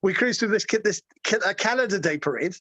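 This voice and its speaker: High-voiced, excitable storytelling man. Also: fast, no echo. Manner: excitable, profane, rambling with restarts. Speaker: guest storyteller. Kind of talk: casual road-trip storytelling.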